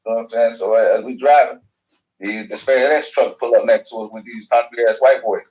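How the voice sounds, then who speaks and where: Fast-talking man telling a story. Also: mid-range voice, steady tone, darkish tone, poor audio. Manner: fast, loose slang-heavy talk with profanity. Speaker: guest. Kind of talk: rambling storytelling.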